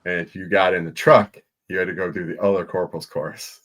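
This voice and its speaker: A man's voice: low voice, level tone, a little fast, a bit bright. A man in casual chat as a podcast co-host, telling a story in a dry, blunt way with salty slang.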